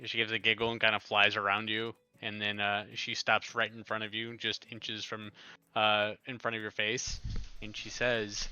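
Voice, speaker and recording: A man narrating as game master in a tabletop game, in a relaxed, halting way with fillers. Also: fairly low pitch, clear, resonant tone. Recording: dull lo-fi audio, faint music.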